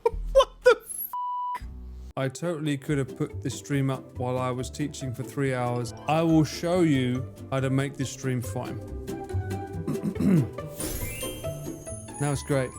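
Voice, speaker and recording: A man's voice: mid-range voice, fairly even intonation, unhurried, long pauses, music in the background. A man streaming live, chatting casually with his viewers, laughing often and swearing freely. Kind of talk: casual livestream chat.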